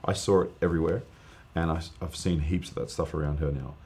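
A man, a guest preacher, telling an earnest, animated testimony story in casual podcast chat, with lots of fillers. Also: rumbling low, fast.

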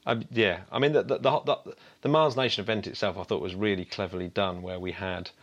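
A man co-hosting a casual podcast in a fairly low voice. He stumbles through repeated restarts but sounds keen and upbeat. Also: fairly even intonation, brisk, muffled recording. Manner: stammering restarts, chuckling, enthusiastic. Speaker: podcast co-host. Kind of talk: casual chat.

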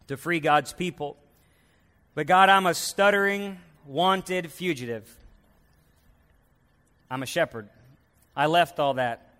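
A man's voice: fairly high pitch, a bit bright, big-room sound. A man preaching a sermon as a pastor, telling stories and acting out the voices in them.

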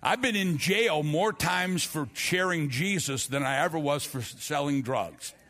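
A man's voice: fairly high pitch, unhurried, fairly bright tone. A man preaching a sermon, telling his testimony earnestly with frequent restarts and repeated words.

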